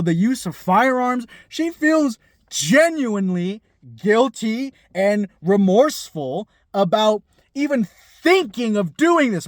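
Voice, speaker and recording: A man's voice: sits high, no room sound, studio quality. A man giving a casual film review in an emphatic, profane way, restarting his sentences often.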